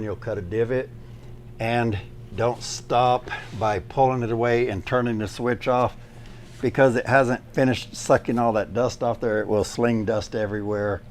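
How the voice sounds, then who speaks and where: A man's voice: medium pitch, slight background noise. A man demonstrating a drywall sander indoors, casually walking through practical, step-by-step pointers as a DIY YouTuber.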